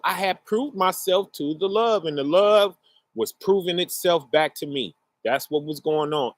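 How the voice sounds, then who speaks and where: A middle-aged man telling a personal story in a casual, earnest way, often checking in with the listener, his pace swinging between rushed and slow. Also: on the high side, a bit bright, dry recording. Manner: conversational, often checks in with "right?" and "you know".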